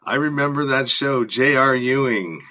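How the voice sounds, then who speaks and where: A man's voice: mid-range voice, normal speed, pushed and bright. An American man hosting a casual interview chat, talking in a rambling, hesitant way with many fillers and restarts. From United States. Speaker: host.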